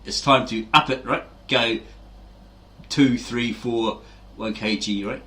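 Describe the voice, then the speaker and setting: A man's voice: mid-range voice, fairly even intonation, slow, pushed and bright. Give me a man with a medium voice, rambling through stories to motivate viewers. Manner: anecdotal, chatty, keeps tagging with "right?". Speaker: fitness channel host.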